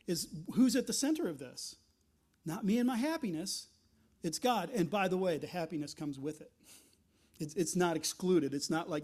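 A man's voice: high-pitched, animated, moderate pace, darkish tone. A man preaching a sermon in a conversational way, often restarting phrases and acting out little quoted asides. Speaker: pastor.

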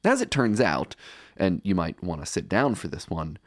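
A man narrates his podcast in a wry, playful scripted read. His voice is on the low side but very lively in pitch. The sound is dry and close, with faint music underneath. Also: moderate pace, no echo. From United States. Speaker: podcast host.

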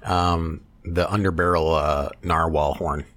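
A man's voice: very deep voice, steady tone, a little slow, a bit bright. A man hosting a podcast, chatting casually and loosely, with profanity, and reading out news quotes. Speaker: podcast host. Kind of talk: casual political chat.

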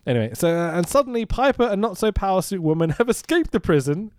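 A man's voice: high voice, sing-song, fast, no room sound, studio quality. A man co-hosting a podcast, recapping a film in casual chat, swearing freely, laughing often and mimicking the characters. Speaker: podcast co-host.

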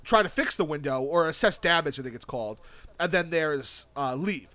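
A young man with a somewhat high-pitched voice talks in a loose, rambling way. He piles on "like" and starts sentences over and over. He swears casually and stays eager throughout. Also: animated, moderate pace, pushed and bright, no room sound. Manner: rambling, filler-heavy, with frequent restarts and casual swearing; enthusiastic about a video game. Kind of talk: casual chat.

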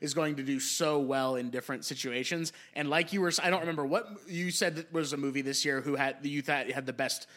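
A young man with a bright, forceful voice that sits a little high for a man. He talks through his favorite films with eager enthusiasm, swearing freely and stretching out the phrases he wants to land. His delivery feels like a casual podcast chat. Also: brisk, few pauses. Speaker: podcast co-host. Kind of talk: casual film discussion.

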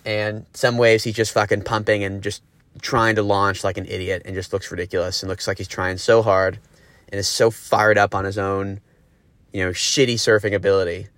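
A man's voice: lowish voice, flat delivery, moderate pace, fairly bright tone, no echo. A young man from Los Angeles telling a surf story in a grumpy, profane, rambling way. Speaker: caller confessing a surf story. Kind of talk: casual storytelling.

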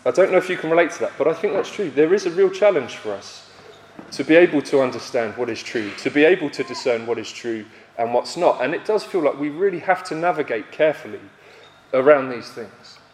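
A man's voice: fairly high pitch, lively intonation, slight background noise. Man preaching in an echoey hall. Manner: storytelling, self-deprecating, halting restarts. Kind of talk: sermon. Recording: echoey hall with long reverb.

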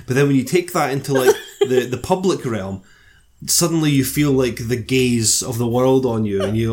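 A man's voice: medium pitch, moderate pace, darkish tone. Sweary self-mocking Scottish man. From Scotland. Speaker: podcast co-host. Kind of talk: casual storytelling chat.

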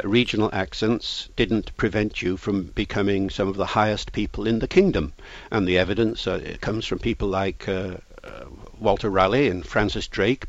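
A fairly low male voice explaining at length in an authoritative, lecturing way. The sound is dry and a little dull, like lo-fi interview audio. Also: no echo. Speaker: linguist guest.

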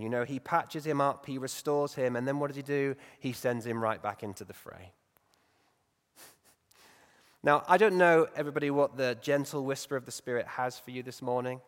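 A man's voice: medium pitch, fairly quick, few pauses. Reflective male preacher in a reverberant hall. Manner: reflective, conversational, lively when acting out stories. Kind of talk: sermon. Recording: long reverb in a large hall.

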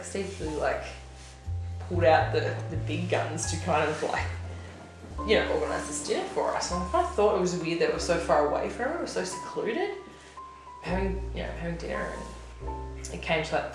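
Young woman, chatty storyteller, low voice, echoey room, music under it. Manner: chatty, heavy on filler "like". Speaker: interviewee telling her love story. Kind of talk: candid personal storytelling. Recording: roomy echo with music bed. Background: soft instrumental music.

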